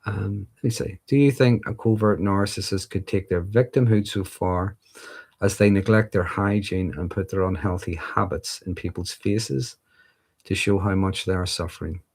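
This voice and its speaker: Deep-voiced Northern Irish man musing aloud. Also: fairly even intonation, moderate pace, a little mellow, breathy edge. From Northern Ireland. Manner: thoughtful, rambling, frequent ums and restarts. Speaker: livestream host answering viewer questions. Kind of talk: casual livestream chat.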